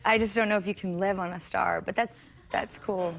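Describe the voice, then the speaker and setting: A woman's voice: medium pitch, steady tone, a little fast, gravelly, a crowd in the background. A woman guest on a late-night talk show, chatty and giggly as she tells stories. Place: TV studio with audience.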